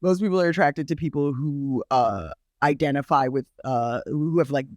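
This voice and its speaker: Podcast co-host, a woman with a Brooklyn accent, deep for a woman, dry close sound, frank and emphatic. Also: normal speed, no echo. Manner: emphatic, frank, restarts often. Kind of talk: casual chat.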